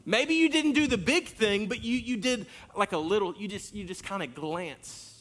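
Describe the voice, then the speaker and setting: Young dad pastor preaching, high bright voice, animated storytelling. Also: male voice, moderate pace. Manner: animated storytelling, acts out hollering and kids' lines. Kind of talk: sermon. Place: church sanctuary.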